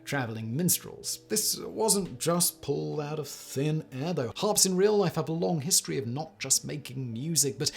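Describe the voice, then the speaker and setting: A man's voice: a little high, expressive, moderate pace, gravelly, few pauses, soft background music. A man giving scripted narration for a list video, with wry, dry asides. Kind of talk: scripted narration with a read sponsor ad.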